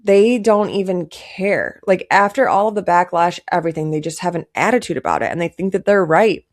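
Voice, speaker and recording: A woman's voice: fairly low pitch, fast talker. A young woman giving casual, indignant commentary to camera, stressing her points by repeating them. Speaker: pop culture commentator.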